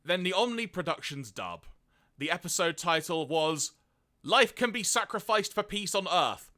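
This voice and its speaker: A man co-hosts a casual podcast and reads his notes in a lively voice that climbs and falls a lot. His tone is bright and a little raised. He often breaks off to laugh. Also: sits high, normal speed. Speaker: podcast co-host.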